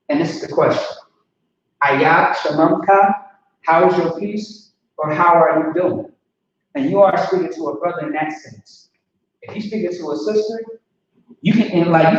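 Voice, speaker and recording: A man gives a casual, chatty language lesson and keeps asking if his listeners follow. His voice sits a bit high for a man. He is set back from the mic in a very echoey room, and the recording sounds dull and lo-fi. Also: recorded from a distance. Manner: conversational, repeats "see what I'm saying". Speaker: language teacher.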